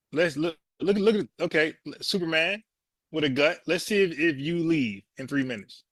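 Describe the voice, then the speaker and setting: This commentator's fairly high, slightly bright voice moves at a moderate pace as he scorns a protest video, laughing a lot in blunt, casual mockery. The recording is dry.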